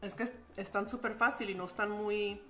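Bright, upbeat woman cooking host. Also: mid-range voice, fairly even intonation, fast, faint music behind. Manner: upbeat, playful, chatty with viewers. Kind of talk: casual cooking chat and instruction.

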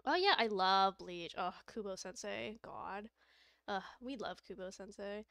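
A young woman chatting on her stream in a rambling, excitable way, breaking into laughter and swearing casually. Her voice sits at an ordinary middle pitch. She speaks close to a desk mic in a dry, deadened room. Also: unhurried, vocal fry, smooth, dry recording.

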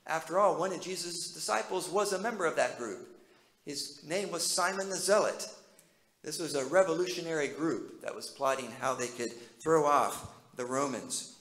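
Preacher man, fairly high, echoey room. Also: moderate pace, a bit bright. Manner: conversational, asks the listeners many questions. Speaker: pastor. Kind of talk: sermon.

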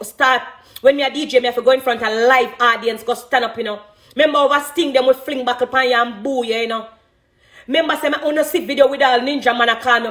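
Jamaican lady artist talking in an interview, fired up and emphatic, highish voice. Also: a bit bright. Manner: passionate, emphatic. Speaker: dancehall artist. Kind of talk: emotional interview talk.

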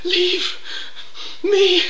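A man's voice: monotone, extremely slow, pushed and bright, full character voice. A man voicing a mocking impression of a smug, self-important vlogger who turns whiny. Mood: whining. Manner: pompous, then shrill and whining. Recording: echoey, dull lo-fi room.

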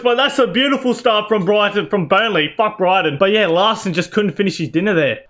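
Excitable high-voiced young man gaming. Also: normal speed, hardly any pauses. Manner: swears freely, shouts at players, says "bro" and "boys". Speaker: gaming YouTuber. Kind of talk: excited gameplay commentary.

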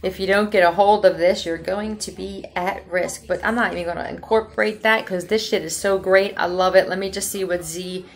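A woman's voice: mid-range voice, steady tone, fairly quick, hardly any pauses. A woman from Philadelphia giving a casual tarot reading, talking bluntly and with a lot of profanity, rambling from one thought to the next. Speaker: tarot reader.

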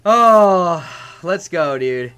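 A young man streaming a game, yelling and cursing with joy, his voice hoarse from shouting. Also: sits high, lively intonation, very slow. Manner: ecstatic shouting, cursing, repeated yells of yes. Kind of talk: live-stream game reaction.

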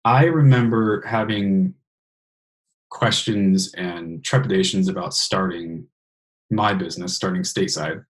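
Podcast host guy, lowish voice, earnest and frank, drops a curse here and there. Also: unhurried. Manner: earnest, frank, swears casually. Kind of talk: casual interview chat.

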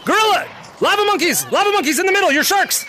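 A man live-streaming a VR game, shouting greetings and cheering his players on with lots of laughter, into a headset mic. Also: extremely high pitch, animated, fast, a little hiss or hum. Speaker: gaming streamer. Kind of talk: excited live-stream chat while playing.

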